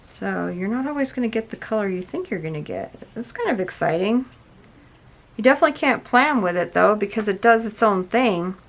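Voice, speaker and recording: A woman hosting an unboxing video, chatting casually and gushing with loud exclamations as she tries a paint product. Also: mid-range voice, lively intonation, a little fast. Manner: gushing, exclaims often and addresses viewers as "you guys". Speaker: unboxing and product review host. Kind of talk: excited casual unboxing chat.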